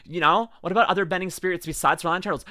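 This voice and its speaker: A streamer giving a casual reaction commentary, rambling and excitable with lots of fillers and laughter. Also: mid-range voice, fast, no echo, clean studio sound. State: tearing up.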